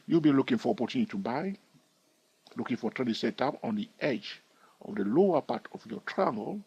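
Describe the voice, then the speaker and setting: A man's voice: mid-range voice, big pitch swings, fairly quick, darkish tone, slightly rough, muffled recording. A man teaching trading over a chart, explaining step by step and often checking in with "all right?". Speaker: trading educator.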